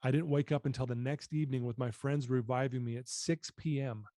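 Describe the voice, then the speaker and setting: A man's voice: medium pitch, steady tone, a little fast, dark tone, dry recording, studio quality. A middle-aged man telling his own story as a podcast guest, earnest and candid, often repeating words as he goes. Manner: earnest, candid, repeats phrases while confessing. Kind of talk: storytelling in an interview.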